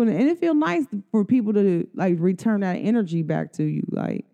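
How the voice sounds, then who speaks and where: A woman with a mellow, warm tone and a smooth, clean voice talks through a casual podcast monologue. She is earnest and loose, full of slang and "like" fillers. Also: mid-range voice, sing-song, moderate pace, hardly any pauses. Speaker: podcast host. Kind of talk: casual spiritual talk.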